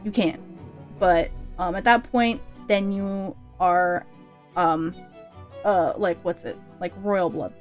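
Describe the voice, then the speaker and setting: A woman's voice: on the low side, steady tone, slow, soft background music. Rambling young woman streamer. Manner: rambling and chatty, with many fillers and restarts. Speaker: streamer debuting a vampire persona. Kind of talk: casual livestream chat.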